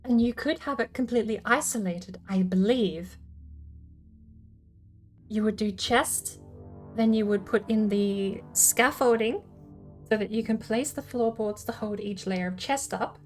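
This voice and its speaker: A woman's voice: medium pitch, unhurried, soft background music. A woman hosting a casual livestream, thinking aloud as she explains her game build ideas. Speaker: streamer host.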